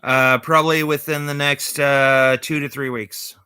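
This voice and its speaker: Slow bright-voiced guy rambling through corny jokes on his vlog, lots of uhs. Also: mid-range voice, level tone, clean tone, no echo, clean studio sound. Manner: rambling, halting, many fillers; corny jokey delivery. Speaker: vlogger showing magic tricks. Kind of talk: casual vlog chat.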